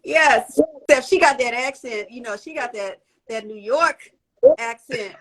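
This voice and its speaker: Woman host from California, energetic and folksy, slightly high voice, crowd noise behind. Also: a little slow, poor audio. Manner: energetic, repetitive, folksy with y'all. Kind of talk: casual promotional interview wrap-up.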